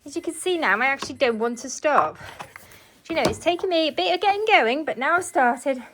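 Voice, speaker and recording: This woman's voice sits high and sounds a bit bright as she talks briskly and with animation. She's a vlogger cleaning her living room indoors, moving around while chatting casually to her audience over slight background noise.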